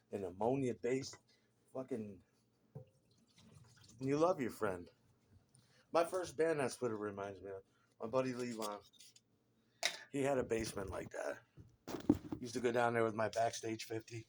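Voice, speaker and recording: A man's voice: medium pitch, fairly even intonation, normal speed, pauses often, darkish tone, a little hiss or hum. A man in his forties delivering a rambling, crude comic monologue, laughing often and stumbling over repeated words.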